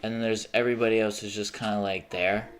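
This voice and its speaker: A man's voice: fairly low pitch, level tone, fast talker, clear, resonant tone. Profane ranting young man. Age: young adult. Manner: profane, ranting, frequent self-interruptions and restarts. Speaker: livestreamer. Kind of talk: casual livestream rant.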